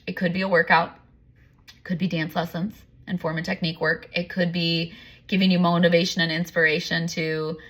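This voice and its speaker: A woman's voice: on the low side, little pitch movement, brisk, fairly bright tone. A woman coach speaking in a candid, confessional monologue, long-winded and rambling as she works through her points. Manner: earnest, confessional. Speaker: empowerment coach.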